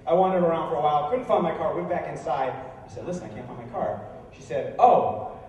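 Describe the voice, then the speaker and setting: A young man performing stand-up comedy, telling stories in a deadpan way that jumps into incredulous high outbursts. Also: fast talker, muffled recording, slight background noise. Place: bar venue with a live audience. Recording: echoey room recorded from far off.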